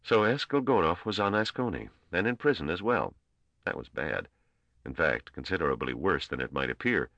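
A man reading an audiobook in steady, measured scripted narration. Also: low voice, no room sound, highs cut off.

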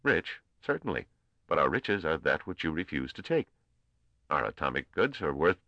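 A man's voice: a bass voice, very animated, normal speed, dry recording, dull audio, exaggerated voice. Man playing a dogged, pleading trader. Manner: quiet, careful, formal pleading. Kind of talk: audiobook character voice.

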